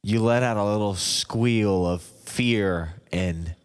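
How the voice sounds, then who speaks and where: A man giving a parody sleep hypnosis narration, speaking softly and slowly in the second person. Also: lowish voice, clear, resonant tone. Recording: long hall reverb.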